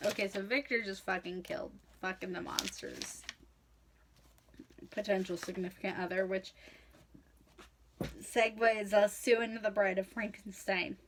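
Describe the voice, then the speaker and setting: A woman's voice: mid-range voice, steady tone, a little slow, long pauses, a little hiss or hum. A young woman, audibly drunk, tells a story in a loose, rambling way. She slurs and swears freely, and she keeps losing her place. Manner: slurring, profane, rambling. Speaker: comedic host retelling a novel. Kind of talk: tipsy casual storytelling.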